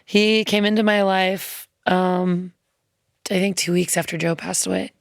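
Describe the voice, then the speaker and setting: A woman with a low, gravelly voice tells a heartfelt story, chatty and loose, full of ums and little quoted asides. She is a guest in a radio studio, and her voice sounds dry and close to the mic. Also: steady tone, measured pace, no echo. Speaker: musician guest. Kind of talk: casual interview storytelling.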